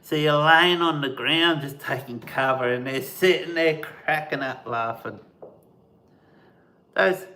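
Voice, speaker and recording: A man chats on a live stream in a relaxed, unhurried way. His voice is bright, and it leaps up and down as he acts out sounds. The room is echoey. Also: sits high. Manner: animated, mimics bird calls and sounds. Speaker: host of a camping channel, live stream. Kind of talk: casual storytelling on a live stream.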